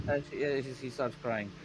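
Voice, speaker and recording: A man's voice: medium pitch, rough recording. A young man narrating as game master for a tabletop game, talking in a loose, rambling way and often restarting his phrases.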